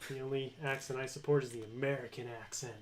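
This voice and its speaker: Young man, mid-range pitch, relaxed joking storyteller, casual stream talk, faint noise. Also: fast. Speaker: livestream co-host. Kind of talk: casual livestream chat.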